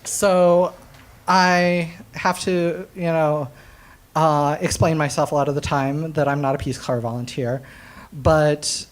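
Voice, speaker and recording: On stage at a comedy night, a young American man tells stand-up stories with lots of energy, frequently cracking himself up and filling gaps with ums and uhs. He speaks slowly, in a voice that sits a little high.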